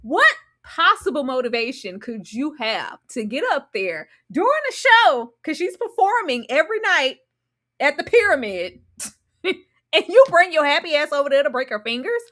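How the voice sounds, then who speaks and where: A woman guest on a live episode discussion, talking in an animated, dramatic way with slangy asides. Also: high-pitched, moderate pace. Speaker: guest co-host.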